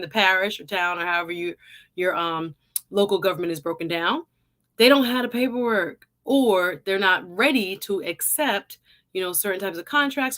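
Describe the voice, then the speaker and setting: A woman's voice: medium pitch, a bit bright. A woman born in Jamaica with a light Jamaican accent, hosting a casual livestream and greeting viewers by name in a chatty way. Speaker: livestream show host. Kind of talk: casual live-stream intro.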